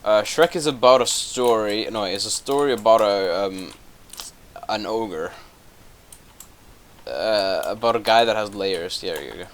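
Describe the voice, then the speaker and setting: A young man with a lowish voice rambles through a comedic plot recap, cursing freely and doubling back to fix his own mistakes. Faint keyboard clicks and typing tick along behind him. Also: unhurried, pauses often, slight background noise. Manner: profane, rambling, self-correcting. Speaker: gaming commentator. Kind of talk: rambling comedic plot retelling while gaming.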